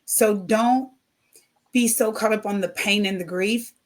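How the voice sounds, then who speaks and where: A woman speaking as a podcast guest, gentle and reflective, in a measured faith-based conversation. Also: medium pitch.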